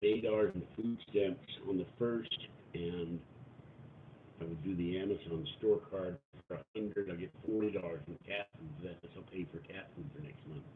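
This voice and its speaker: Man, lowish voice, rambling casual stream chat, halting with fillers, tinny phone-like audio, faint hiss. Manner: halting, chatty, trails off with many fillers and restarts. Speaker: livestream host reading viewer donations and comments.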